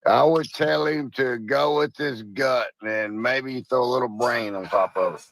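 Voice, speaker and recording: A man's voice: mid-range voice, measured pace, creaky, a bit bright, no room sound, low-quality recording. A man on a sports radio panel, laid-back with brief remarks. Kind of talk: casual sports talk.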